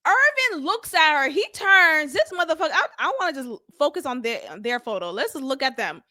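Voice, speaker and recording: A young adult woman hosting a casual, animated recap of a reality show, acting out quotes and laughing often. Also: high-pitched, brisk.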